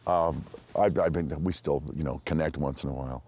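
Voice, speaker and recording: Very deep-voiced man telling stories. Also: brisk, husky. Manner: animated, acts out other people's lines in higher voices; rambling with frequent restarts and laughs. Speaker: interview guest, actor. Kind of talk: anecdotal storytelling.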